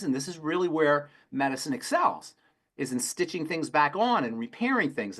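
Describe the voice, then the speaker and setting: Answering health questions from callers, a pharmacist speaks with a fairly high pitch and fairly bright tone. He drives points home by repeating phrases and tells down-home stories.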